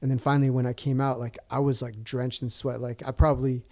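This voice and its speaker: A man's voice: mid-range voice, little pitch movement, fast talker, a little mellow. A man in his thirties casually telling a long story, rambling with lots of fillers and restarts. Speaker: guest.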